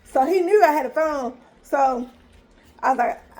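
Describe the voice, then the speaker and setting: A woman telling a personal story to her viewers in a casual, animated way, acting out the dialogue. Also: high-pitched, measured pace. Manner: animated, retells scenes with quoted dialogue.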